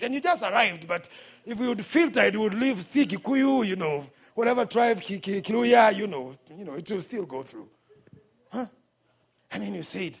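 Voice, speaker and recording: A man with a Kenyan accent, preaching a sermon as pastor at a church service, swinging between hushed asides and shouted points. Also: very high-pitched, lively intonation, moderate pace, creaky, slightly rough.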